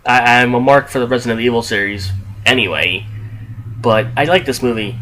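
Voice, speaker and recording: A man's voice: mid-range voice, normal speed, bright, forceful tone, slight background noise. A young man casually reviewing a film on his podcast, rambling with frequent restarts, asides and casual swearing. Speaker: movie reviewer, podcast host.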